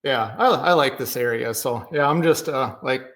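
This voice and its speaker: A man's voice: mid-range voice, moderate pace, a bit bright. A middle-aged man with a Minnesotan accent, a podcast guest telling folksy farm stories and laughing often. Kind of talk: casual storytelling chat.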